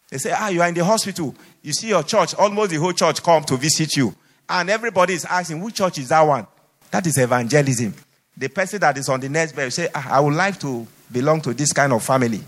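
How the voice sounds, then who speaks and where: A man's voice: on the high side, fairly bright tone. A man preaching a sermon in a church, exhorting his listeners with emphatic, repeated phrases. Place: church hall. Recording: long hall reverb.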